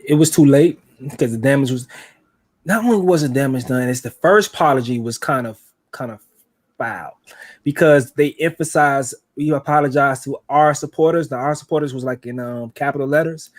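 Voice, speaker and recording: A man's voice: medium pitch, normal speed, no room sound. A man guesting on a casual commentary show, talking in a slangy, easygoing way.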